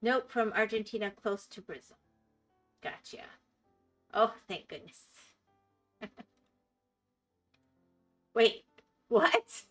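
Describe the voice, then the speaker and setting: A woman's voice: mid-range voice, takes it slowly, pauses often, fairly bright tone, faint music behind. A woman with a Florida accent chatting casually with her stream chat, laughing often and apologizing when she stumbles over words.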